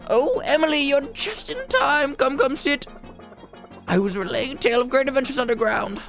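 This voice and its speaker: A woman's voice: sits high, animated, normal speed, soft background music. A woman voicing a pompous, theatrical male adventurer who tells grandiose tales in a melodramatic way. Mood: flustered.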